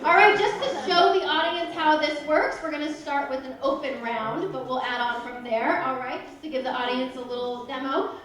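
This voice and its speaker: A woman's voice: high-pitched, steady tone, normal speed, few pauses. A woman refereeing and hosting a live improv comedy match, explaining the game rules and leading the audience in call-and-response in a projecting, upbeat way. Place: school auditorium or gym with a live audience. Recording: very echoey hall, far off, audible crowd.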